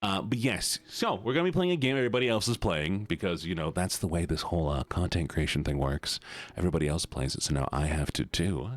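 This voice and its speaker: A man's voice: deep voice, lively intonation, quick pace, no echo. A man chatting playfully and teasingly with his chat on a live stream.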